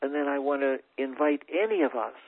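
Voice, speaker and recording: A man's voice: mid-range voice, little pitch movement, no echo. A man speaking as a spiritual teacher, giving an inspirational talk to a congregation, repeating words and restarting phrases as he goes. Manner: warm, repetitive, halting with many restarts. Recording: tinny phone-like audio, dry.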